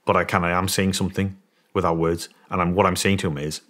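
A man's voice: low-pitched, quick pace. A middle-aged British man, a former soldier guest on a podcast, telling a story and acting out the voices of people in it. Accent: British English. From England. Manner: animated storyteller, acts out quoted voices. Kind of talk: storytelling in an interview.

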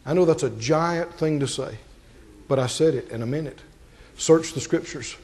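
A male pastor preaching a sermon to a congregation, asking them questions and climbing to high, emphatic peaks. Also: normal speed, a little mellow, husky.

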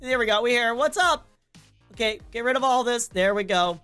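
A woman hosting a casual game playthrough, reacting with excitable, dramatic exclamations and groans. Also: a little high, moderate pace, clear, resonant tone, faint music behind. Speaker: gaming channel host. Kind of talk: casual let's-play commentary.

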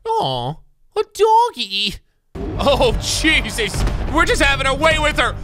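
Excitable gamer yelling over game music. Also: male voice, high voice, measured pace. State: tired. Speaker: gaming YouTuber. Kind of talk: live gameplay commentary. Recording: loud game music behind.

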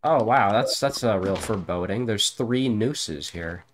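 A man with a fairly low voice chats through a horror game as he plays, cursing freely and puzzling things out aloud. Faint noise sits under his voice. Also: animated, measured pace. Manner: casual, swears often, thinks aloud. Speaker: streamer playing a horror game. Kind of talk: casual let's-play commentary.

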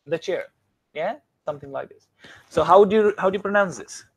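A man teaching a classroom grammar lesson, often stopping to ask the students whether it is clear. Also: high voice, quick pace. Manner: keeps checking understanding with questions.

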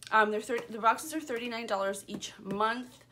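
A woman's voice: on the high side, moderate pace, pushed and bright. A woman chatting casually and upbeat as she unboxes and reviews a product, with lots of ums. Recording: audible background noise.

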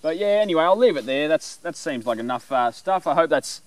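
A man casually explaining animal calls in a rambling, relaxed way with lots of fillers. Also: fairly high pitch, brisk, hardly any pauses, dry recording. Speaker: bushcraft vlogger.

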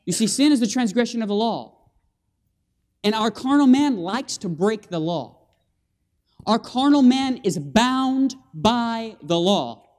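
A man preaching an animated sermon in a church, calling for amens from the congregation and acting out scenes with sound effects. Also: sits high. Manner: animated, with call-and-response and vocal sound effects. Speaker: guest preacher. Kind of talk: lively evangelistic sermon. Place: church sanctuary.

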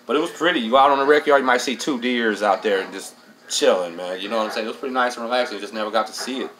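A man's voice: mid-range voice, very fast, a bit bright, low-quality recording. A middle-aged man hosts a casual storytelling monologue, streetwise and profane, dropping "man" into nearly every line. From Texas. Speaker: host.

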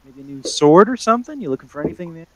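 A man's voice: on the high side, very animated, racing, fairly bright tone. A man voicing a friendly male weapon shop clerk who keeps trying to sell more, with lots of hesitant fillers. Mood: salesy.

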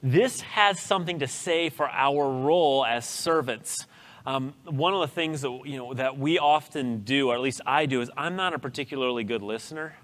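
A man's voice: mid-range voice, normal speed, a bit bright. A man leading an adult Bible class in a church, talking reflectively and backing his co-teacher with short affirmations. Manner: reflective, affirming, laughs easily. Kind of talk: casual Bible study discussion. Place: church room.

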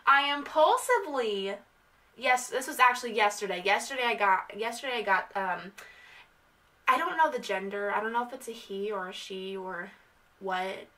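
A woman's voice: medium pitch, lively intonation, moderate pace, sharp tone, recorded from a distance. A young woman vlogging in a casual, rambling, giggly way. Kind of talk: casual vlog chat.

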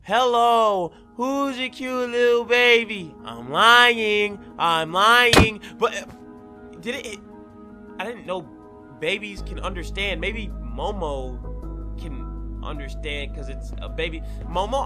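An excitable young man hosts a game role-play, full of slang and loud reactions. His voice sits very high for a man. Music plays clearly under his talk. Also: slow. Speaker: gaming channel host. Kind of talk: Minecraft role-play commentary. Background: background music.

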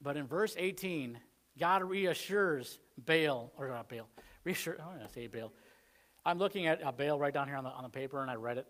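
A man's voice: on the high side, lively intonation, normal speed, fairly bright tone. A man with a Southern American accent preaching a sermon in a conversational way, acting out the quoted lines. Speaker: pastor.

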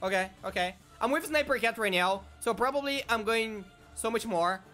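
Guy narrating his game, mumbles then gets loud and hyped, faint music under it. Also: very high-pitched, moderate pace. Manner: excitable, swings from muttering to shouting. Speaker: gaming YouTuber. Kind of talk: casual gameplay commentary.

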